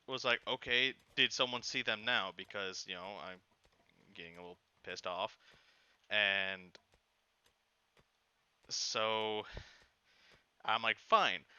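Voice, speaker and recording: Bright, exasperated young man telling a story. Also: fairly low pitch, clear, resonant tone, no room sound, highs cut off. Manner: rambling, animated, exasperated retelling with many fillers. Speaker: gaming channel host telling a personal story. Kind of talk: casual storytelling chat.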